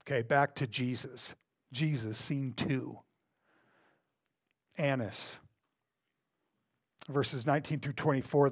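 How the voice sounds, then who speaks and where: A male pastor with a medium-pitched voice preaches a sermon, repeating words to drive his points home. He swings between loud bursts and hushed asides.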